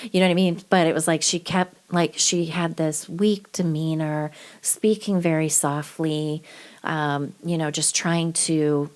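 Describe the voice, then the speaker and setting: A woman's voice: sits low, fairly even intonation, unhurried, darkish tone. A woman hosting a true-crime podcast, talking casually and bluntly, swearing freely with lots of fillers. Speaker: podcast host.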